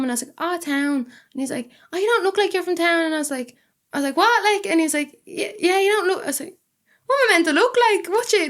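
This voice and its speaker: A young woman with a strong Dublin accent talks fast and with a bright, fairly high voice. She chats casually as a podcast guest and acts out other people's lines as she tells her stories. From Ireland, Dublin. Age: young adult. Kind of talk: casual chat.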